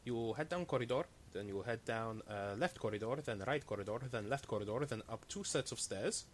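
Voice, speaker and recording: A man voicing a fawning, haggling alien trader who speaks in halting, broken English. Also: mid-range voice, slight background noise, pitched below the performer's own voice, close to an everyday voice. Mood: eager salesman.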